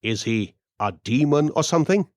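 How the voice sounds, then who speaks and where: A man's voice: on the high side, lively intonation, normal speed, no echo, voice pushed up, lightly acted. A man voicing a frustrated businessman who turns defensive and bitter toward his wife. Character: harsh, frustrated businessman husband.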